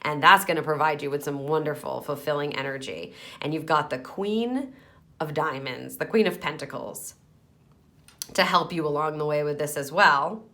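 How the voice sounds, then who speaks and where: Woman doing a tarot card reading, lowish voice, chatty and encouraging, lots of ums. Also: normal speed, pushed and bright. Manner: chatty, encouraging, thinks aloud with fillers.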